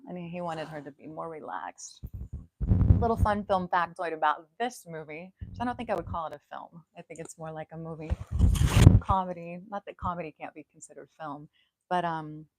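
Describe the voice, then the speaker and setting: A woman hosting a live stream in a casual, chatty way, giggling often and throwing in loud, swearing asides. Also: lowish voice, poor audio. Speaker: host.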